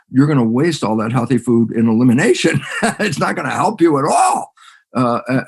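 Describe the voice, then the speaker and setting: A man, a biologist and podcast guest, talking in a lively storytelling way, acting out quoted lines and laughing between sentences. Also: mid-range voice. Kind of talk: animated storytelling interview talk.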